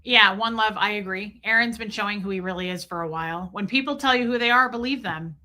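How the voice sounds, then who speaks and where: Here the Nebraska-born host, raised around Kansas City, talks fast in a sharp, mid-range voice. She is a middle-aged woman reading viewer comments aloud during a casual livestream chat.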